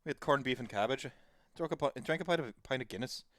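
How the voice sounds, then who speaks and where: A man's voice: mid-range voice, fast, a bit bright, no echo, clean studio sound. A man hosting a podcast in casual chat, rambling and digressive as he tells stories. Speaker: podcast host.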